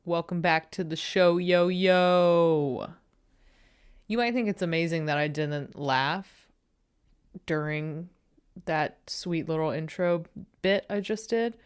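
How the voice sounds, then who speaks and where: A woman hosting her podcast, chatty and self-deprecating, swearing freely and a bit low on energy. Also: unhurried, clear, resonant tone. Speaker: podcast host. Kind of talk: casual solo podcast intro.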